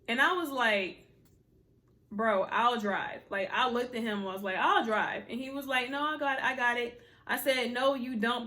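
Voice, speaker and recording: Slang-heavy and peppered with exasperated asides, a young woman's personal story to her viewers comes across casual and animated. Her voice is a little high.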